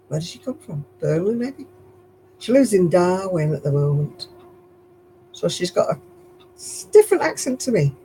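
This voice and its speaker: A woman's voice: medium pitch, a little mellow, slight background noise, rough recording. A woman with a Lancashire accent hosting a casual live stream while she crochets, chatty and rambling, chuckling at herself. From Lancashire, England.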